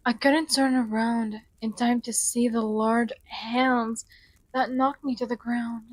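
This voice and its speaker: A woman's voice: a little high, little pitch movement, slow pace, no room sound. A woman gaming YouTuber reading a survival visual novel aloud, mixing dramatic reading with joking commentary.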